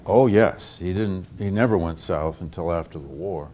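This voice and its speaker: A man with a very low voice takes audience questions in a lecture hall. He speaks as a historian, thinking aloud and pausing on his words, with frequent false starts as he works through his answers. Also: warm tone. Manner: thoughtful, with frequent hesitations and restarts.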